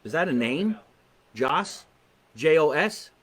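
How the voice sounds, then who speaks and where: A New Jersey man hosting a live online comedy talk show from his basement takes it slowly, his slightly high voice swinging widely in pitch. The chat is casual and brash, full of jokes with viewers and free swearing.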